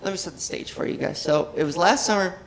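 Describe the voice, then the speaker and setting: A woman in her thirties with a resonant voice performing a stand-up set on a club stage into a handheld mic, swinging into excited shouting when she gets worked up. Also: fairly low pitch, quick pace, vocal fry. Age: 30s. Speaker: stand-up comedian.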